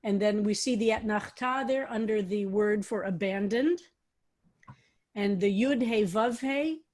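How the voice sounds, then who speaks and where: A woman's voice: medium pitch, unhurried, darkish tone. A woman rabbi leading a study class, talking animatedly and throwing out question after question, with frequent restarts. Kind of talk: teaching a text study class.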